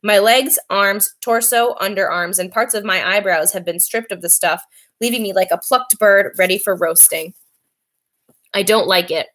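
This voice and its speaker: A woman reading a novel aloud in a steady, clear voice. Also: mid-range voice, normal speed. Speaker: reader.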